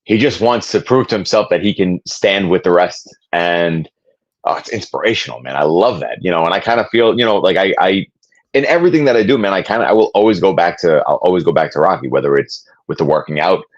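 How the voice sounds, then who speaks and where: Deep-voiced enthusiastic collector guest. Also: male voice, lively intonation, fast talker, lo-fi sound. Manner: enthusiastic, peppers speech with "man". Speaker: guest, physical media collector. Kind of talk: casual interview chat.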